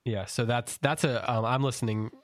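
A man hosting a casual book club podcast, relaxed and steering the talk. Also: medium pitch, normal speed, dry recording, clean studio sound. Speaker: podcast host.

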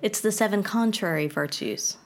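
A woman's voice: medium pitch, normal speed. Agreeable female podcast co-host. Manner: brief, agreeable, occasionally corrects. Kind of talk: casual chat.

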